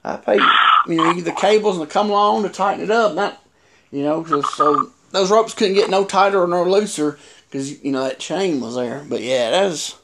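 A man's voice: sits high, normal speed. A man chatting casually on a podcast, telling a long rambling story with many restarts. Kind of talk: casual chat. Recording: noisy podcast recording.

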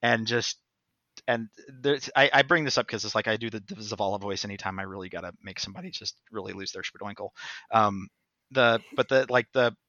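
A man's voice: fairly low pitch, a little fast, sharp tone, no room sound. A man on a podcast telling a casual story in a rambling way, with many fillers and restarts. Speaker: podcast co-host or guest. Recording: dull, lo-fi, dry.

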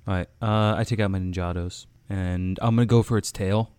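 A man playing a tabletop game, brash and energetic, swearing freely. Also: sits low, a little fast, smooth, no room sound. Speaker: player. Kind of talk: casual play at a tabletop game.

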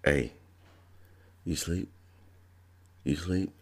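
A man's voice: deep voice, very animated, moderate pace, gravelly, warm tone, slightly rough, voice pushed up, exaggerated voice. A man voicing his goofy young roommate, teasing in a playful sing-song.

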